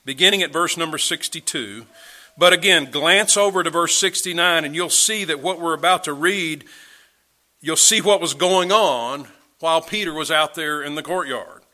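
Preacher guy, really bright voice, pitched a bit high, dramatic sermon delivery. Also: normal speed. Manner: dramatic, rising and falling delivery with emphatic questions. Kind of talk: sermon reading scripture.

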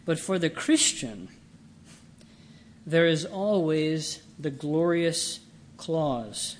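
A man preaching a sermon in a slow, deliberate way, leaning on his words for emphasis. His voice sits fairly high for a man. A faint hum of room ambience runs underneath.

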